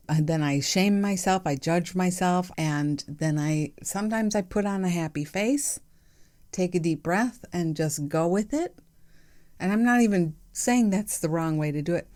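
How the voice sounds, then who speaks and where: A woman hosting her own podcast, talking candidly and reflectively in a chatty way with soft laughs. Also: lowish voice. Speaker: podcast host. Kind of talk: reflective solo podcast monologue.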